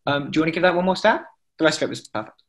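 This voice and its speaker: A man's voice: a little high, lively intonation, very fast, fairly bright tone. Man teaching chant on a video call. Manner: explains patiently with many fillers, chanting short examples. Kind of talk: online class instruction.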